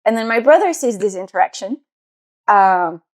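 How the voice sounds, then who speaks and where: A woman's voice: mid-range voice, expressive, normal speed. A young woman co-hosting a podcast, talking in a rambling, hesitant way with lots of fillers. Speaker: podcast co-host. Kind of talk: casual chat.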